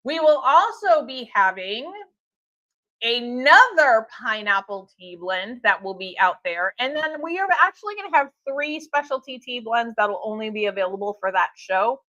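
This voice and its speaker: A woman's voice: a little high, sing-song, normal speed, bright, forceful tone, no room sound. A woman hosting a live stream for her tea shop, talking in a chatty, upbeat way with fillers and laughs. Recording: dull lo-fi stream audio.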